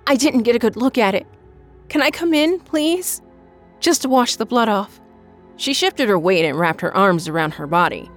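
Woman narrator, lowish pitch, steady scripted horror storytelling.

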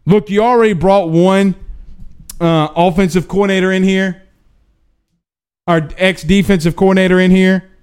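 A man's voice: sits high, moderate pace, pauses often, clear, resonant tone. A male sports talk show host, chatting casually on a live stream and reading out viewer questions in a drawling, folksy way. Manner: animated, drawling, folksy asides.

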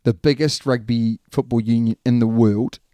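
A man's voice: medium pitch, steady tone, moderate pace, mellow, no echo. A man with a New Zealand accent, co-hosting a podcast in casual chat, rambling and laughing easily. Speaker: podcast co-host.

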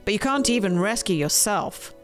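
A woman's voice: medium pitch, animated, normal speed, soft background music, natural voice. A woman voicing a jeering crowd that taunts and sneers in a storybook reading. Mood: taunting. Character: jeering crowd of mockers, adults.

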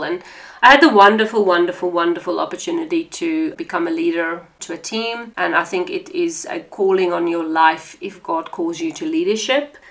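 A woman's voice: mid-range voice, pushed and bright. A woman from South Africa hosting a faith podcast, sharing her personal testimony in an earnest, conversational way with frequent fillers. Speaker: podcast host.

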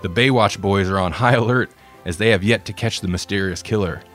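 A man reading a comedic story aloud in a relaxed way, with dry asides. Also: lowish voice, a little fast, soft background music. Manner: relaxed, self-deprecating asides.

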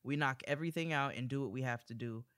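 A man co-hosting a podcast in casual chat, animated and joking as he reads a listener's letter aloud. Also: medium pitch, fast, clean tone, no room sound, clean studio sound. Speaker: podcast co-host.

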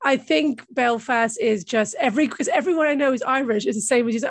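A woman's voice: high voice, brisk, creaky, no room sound. A young woman co-hosting a podcast, teasing and ranting with lots of laughter in casual chat. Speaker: podcast co-host.

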